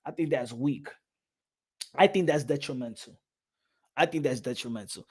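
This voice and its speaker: A man hosting a boxing podcast in a loud, animated rant, laughing and swearing often. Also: medium pitch, normal speed, slightly rough. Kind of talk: casual livestream rant.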